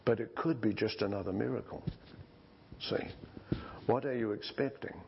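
A male pastor preaching a sermon in slow, conversational storytelling style with frequent restarts, in a dull lo-fi recording. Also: fairly low pitch, creaky, slight background noise.

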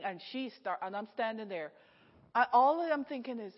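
A high-voiced, middle-aged woman tells a personal story from the pulpit, lively and quick to laugh as she acts out each character. Her voice rings through a reverberant church hall, and the recording sounds slightly dull. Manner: animated, laughs often, acts out the people in her stories. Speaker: preacher. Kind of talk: storytelling sermon.

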